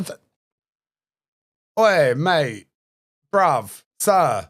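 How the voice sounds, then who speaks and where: A man's voice: medium pitch, big pitch swings, unhurried, long pauses, no echo, clean studio sound. A man trading brash, sweary, mocking insults during a livestream battle. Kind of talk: taunting livestream banter.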